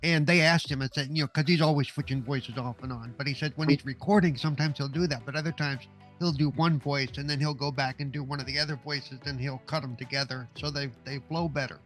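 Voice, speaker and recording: A male show host asking relaxed, curious questions in a casual interview, often stumbling and filling pauses as he starts a thought. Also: medium pitch, soft background music.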